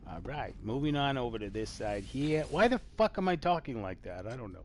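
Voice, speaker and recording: A man hosting a live stream, rambling casually through old news and swinging between loud exclamations and low mumbling, with casual swearing. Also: lively intonation, moderate pace, few pauses. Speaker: host.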